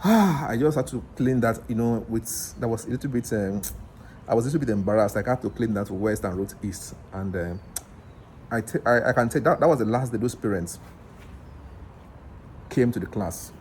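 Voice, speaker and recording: A Nigerian man, an English teacher who vlogs, tells a story animatedly in a casual vlog, acting out other people's lines and often restarting his sentences as he rambles. He has a medium-pitched voice at a moderate pace, with slight background noise.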